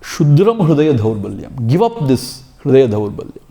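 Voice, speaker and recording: A man's voice: medium pitch, sing-song, normal speed, dark tone. A man with an Indian English accent who gives an emphatic spiritual lecture as a swami, exhorting listeners and asking rhetorical questions. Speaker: swami teaching scripture.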